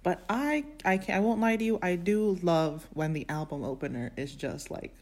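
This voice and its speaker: A woman co-hosting a podcast in easy, casual chat. Her voice sits a bit low. She cracks dry, wry jokes and rambles through her thoughts, strung together with "like". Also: moderate pace, darkish tone. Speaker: podcast co-host.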